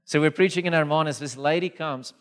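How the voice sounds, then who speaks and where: A man preaching a sermon, telling stories lively and acting out the voices in them. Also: a little high, fairly quick. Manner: animated storytelling, acts out dialogue. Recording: long reverb of a hall.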